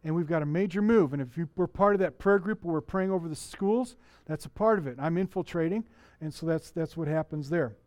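In a church, a middle-aged pastor preaches conversationally, questioning the congregation and often restarting his sentences. His voice is on the high side and a little mellow, moving fairly quickly with few pauses. The recording is dry.

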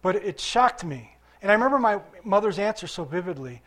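A man's voice: high-pitched, very animated, a little fast, a bit bright. An older man preaching a sermon to his congregation, conversational, asking questions and waiting for answers, recovering from illness. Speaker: pastor.

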